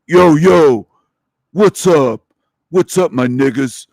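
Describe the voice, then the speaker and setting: Man putting on a furious boastful loudmouth, slow dragging shouts, dry close sound. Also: on the high side, vocal fry, dry recording, voice pushed up, exaggerated voice. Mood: angry. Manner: shouting insults, slow heavy delivery. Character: angry boastful adult man, loud and slangy.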